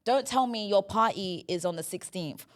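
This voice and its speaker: A woman's voice: mid-range voice, lively intonation, normal speed. A woman hosting a comedy podcast in casual chat, playful and chatty, often saying "do you know what I mean". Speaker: podcast host.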